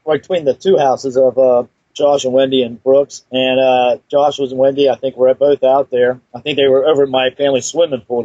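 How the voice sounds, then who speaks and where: Husky rambling man telling a story. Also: medium pitch, darkish tone, no echo. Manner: rambling, full of fillers and restarts. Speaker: guest storyteller. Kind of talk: personal story told casually. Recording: dull lo-fi recording, dry.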